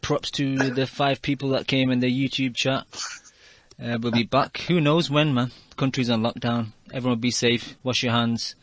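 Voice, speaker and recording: A man's voice: mid-range voice, fairly even intonation, normal speed, fairly bright tone, no room sound. A man hosting a casual podcast, talking in a laid-back way. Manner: laid-back, wraps up the show. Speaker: podcast host. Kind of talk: casual chat.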